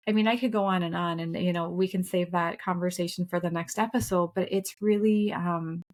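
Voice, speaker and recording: A woman's voice: on the low side, fairly even intonation, quick pace, hardly any pauses. A middle-aged woman co-hosting a casual podcast conversation, speaking in an earnest, reflective and candid way, with some profanity. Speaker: podcast co-host.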